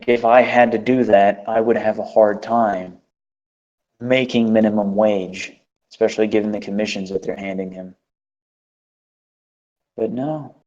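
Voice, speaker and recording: A man's voice: on the low side, steady tone, measured pace, long pauses, darkish tone. A man hosting a casual chat, telling an exasperated, profane story. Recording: dull lo-fi recording.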